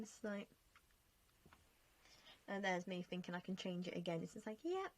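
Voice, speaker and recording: A woman's voice: fairly low pitch, very animated, normal speed, long pauses. A young woman chatting casually over gameplay, self-mocking and laughing often as she talks through her choices. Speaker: game vlogger.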